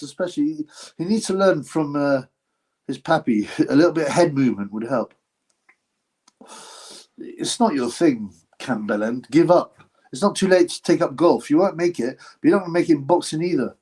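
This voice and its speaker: A man's voice: on the high side, normal speed, a little mellow, breathy edge. A man hosting a live stream, giving blunt, mocking commentary on a boxing match and reading out chat comments. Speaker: livestream host reacting to a boxing fight.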